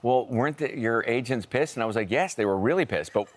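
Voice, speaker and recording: An American man, a guest actor, chatting animatedly and self-deprecatingly in an interview. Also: mid-range voice. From United States. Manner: animated storyteller, self-deprecating, quick laughs. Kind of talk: casual interview chat.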